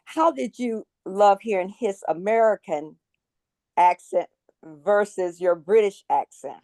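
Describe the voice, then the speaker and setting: A woman's voice: mid-range voice, takes it slowly, warm tone, no echo. A middle-aged woman co-hosting a podcast, encouraging her guests and often stumbling over repeated words. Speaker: podcast co-host. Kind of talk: casual interview chat.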